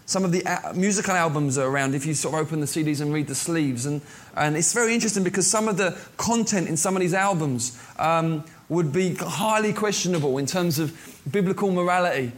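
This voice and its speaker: Pastor, man, high voice, loose chatty sermon delivery with ums and restarts. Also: a little fast. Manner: conversational preaching with frequent fillers and restarts.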